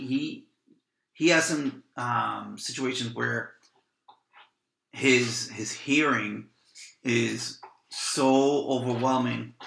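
A man's voice: medium pitch, vocal fry, pushed and bright. A man telling stories casually as a podcast guest, rambling and repeating words as he acts out what people said. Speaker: podcast guest, van traveler. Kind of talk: casual storytelling. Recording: roomy echo.

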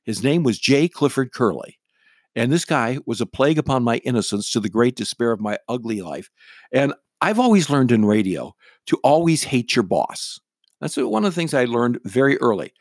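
A man's voice: mid-range voice, big pitch swings, moderate pace, dry recording. Man, middle-aged, radio host, casual storytelling, irreverent, dry close sound. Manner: blunt, wry and irreverent. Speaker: radio talk show host.

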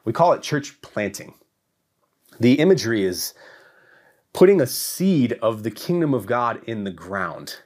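A man preaches a sermon to his church, delivering it emphatically with repetition and swinging between loud peaks and hushed lows.

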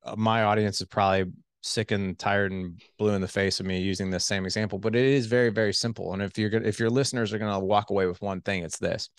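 A man's voice: lowish voice, fast, smooth, dry recording. A middle-aged man, a relationship coach on a podcast, animatedly explaining communication skills and acting out voices. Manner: animated, acts out voices of his wife and himself. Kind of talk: podcast interview, advice.

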